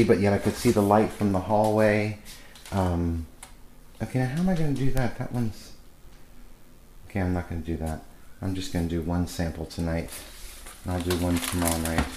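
A man's voice: fairly low pitch, darkish tone. Rambling man in an echoey kitchen. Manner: rambling, chatty, restarts often while working. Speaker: podcaster. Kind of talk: casual home vlog chat. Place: kitchen at home. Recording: roomy kitchen echo, faint noise.

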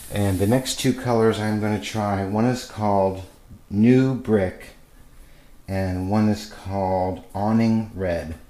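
Man, low voice, casual rambling chat, echoey kitchen with faint background noise. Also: steady tone, takes it slowly, mellow. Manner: rambling, chatty, restarts often while working. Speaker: podcaster. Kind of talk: casual home vlog chat. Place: kitchen at home.

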